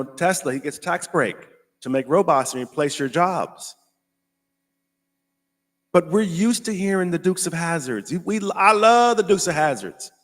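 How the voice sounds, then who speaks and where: An American man hosting a casual commentary show, talking emphatically, repeating himself and slowing down to stress his points. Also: on the high side, fairly bright tone. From United States. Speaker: host.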